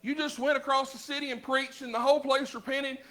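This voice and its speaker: A man with a Southern US accent preaches a sermon in a church in a very high-pitched, bright, ringing voice. He talks to the congregation conversationally, throwing out rhetorical questions and swinging from loud, emphatic lines to low, quiet asides. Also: flat delivery, fairly quick. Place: church sanctuary.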